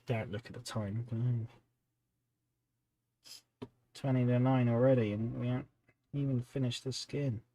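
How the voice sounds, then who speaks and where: A man's voice: mid-range voice, unhurried, pauses often, slight background noise. A man hosting a hobby livestream, chatting casually and rambling between tasks while he paints miniatures at home. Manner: relaxed rambling, talks to chat viewers between tasks.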